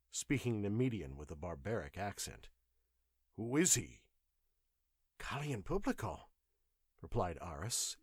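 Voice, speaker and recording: A man narrating an audiobook in a slow, dramatic storytelling delivery. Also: fairly low pitch, dry recording, clean studio sound. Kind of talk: scripted narration.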